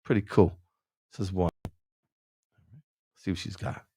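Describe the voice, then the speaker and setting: A man's voice: low-pitched, fairly even intonation, a little slow, mellow, dry recording, studio quality. A man hosting a podcast, earnestly telling a motivational personal story in casual, slangy speech and addressing the listener by name. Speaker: podcast host.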